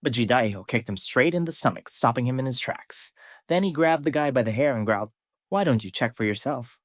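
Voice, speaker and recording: A man narrating a scripted story recap in a steady storytelling way. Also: medium pitch, fairly quick, no room sound, studio quality.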